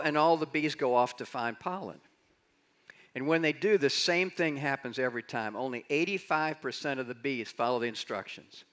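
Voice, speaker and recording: Older man, conference speaker, lively storyteller, slightly high voice. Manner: animated storyteller, acts out quotes with big jumps in pitch. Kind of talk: keynote talk on leading change. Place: conference stage in a large hall.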